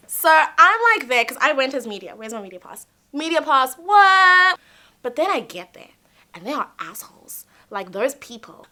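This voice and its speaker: A young woman telling a personal story to camera, animated, blunt and emphatic, swearing at times. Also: fairly high pitch. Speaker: vlogger.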